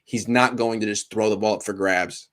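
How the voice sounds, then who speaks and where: A sports podcast host with a lowish voice and moderate pace talks animatedly on his casual show, storytelling and restarting his sentences often.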